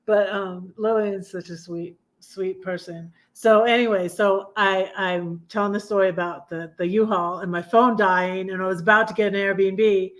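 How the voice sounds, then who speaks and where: A woman's voice: mid-range voice, steady tone, normal speed, hardly any pauses. A woman in her fifties hosting her own livestream, telling personal stories in a rambling, confiding way with frequent self-corrections. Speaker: livestream host. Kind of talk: casual personal storytelling.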